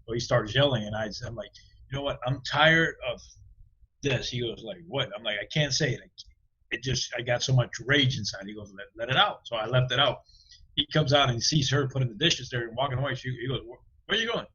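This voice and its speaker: A man co-hosting a podcast, telling an animated story and acting out the dialogue in a casual way. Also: medium pitch, a little fast, breathy edge, muffled recording. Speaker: podcast co-host. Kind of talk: casual chat.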